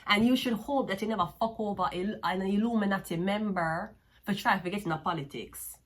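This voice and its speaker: A tarot card reader with a Jamaican accent speaks a little fast in a mid-range voice. She swears, mocks the person she's reading for, and laughs frequently, all with plenty of sass.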